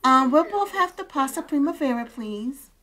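A sweet, bashful young woman in a life-sim game, voiced by a woman quoting her. Her lines come high and chatty, with a lively lilt. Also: normal speed, poor audio.

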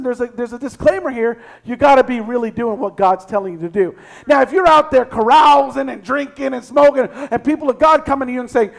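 Pastor, male, very high pitch; reads verses then preaches hard, shouting at peaks. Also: a little fast, vocal fry. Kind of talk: sermon. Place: church sanctuary.

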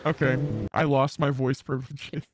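A woman's voice: extremely low pitch, little pitch movement, moderate pace, background noise. A woman streamer chatting playfully with her viewers through a voice changer that makes her sound male, laughing often. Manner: playful, giggly, reads and answers chat. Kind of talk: casual gaming stream chat. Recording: game music loud under voice.

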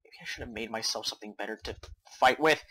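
A young man giving casual game commentary, jumpy and swearing, swinging between hushed muttering and panicked yells. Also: lowish voice, fast, breathy edge, rough recording. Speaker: gamer.

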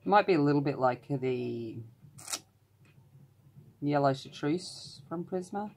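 A woman's voice: deep voice, expressive, slow, a little mellow, slight background noise. A woman chatting in a rambling way while she colours along in a vlog. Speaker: colouring channel host.

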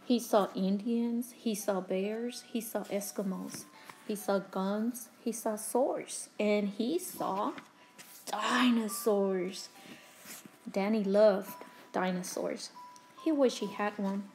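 A woman teacher reading a children's picture book aloud to her pupils, slow and expressive. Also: medium pitch, soft background music, low-quality recording. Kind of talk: children's storybook read-aloud.

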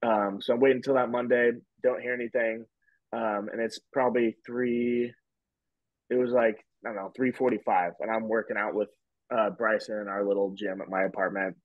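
A twenty-something podcast guest spins a casual, rambling story packed with "like" and "whatever." His voice is fairly low and level, at a moderate pace. The recording sounds dry, echo-free and dull, with a lo-fi quality.

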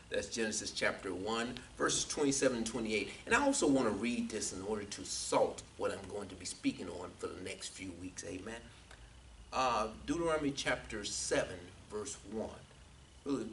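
A male pastor leading an evening Bible study, building from quiet reading to loud, emphatic preaching with frequent amens. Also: lowish voice, expressive, moderate pace, far from the mic, a little hiss or hum.

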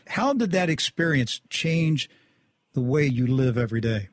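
A man's voice: mid-range voice, animated, measured pace. Guy host asking leading questions, dry close mic, nothing roomy. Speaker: interview host. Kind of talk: faith interview questions.

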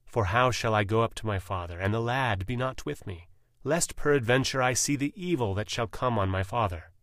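A man narrating a scripture audiobook in a slow, measured, solemn reading style, close on the mic. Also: mid-range voice, fairly bright tone, dry recording.

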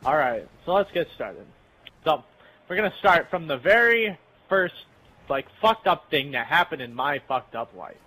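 Over poor-quality audio, a young channel host plays a game with friends and casually tells a rambling story laced with profanity. His voice sits in the mid-range with a sharp edge.

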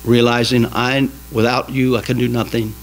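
A man preaching a sermon in a small church, emphatic and folksy, swinging between loud exhortation and quiet asides. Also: medium pitch, level tone, normal speed, a little hiss or hum, low-quality recording. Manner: folksy, jokes with the congregation. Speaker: pastor.

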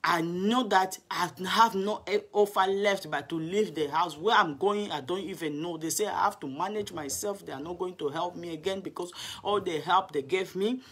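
A woman's voice: fairly low pitch, moderate pace, husky. A woman evangelist telling her personal testimony, earnest and emotional, often restarting her sentences. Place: home in London.

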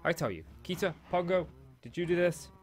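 A man's voice: fairly high pitch, lively intonation, fairly quick. A man in a small home office, chatting casually and rambling with self-mocking asides while he plays and comments on a game. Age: adult, father of a school-age daughter. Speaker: let's play host.

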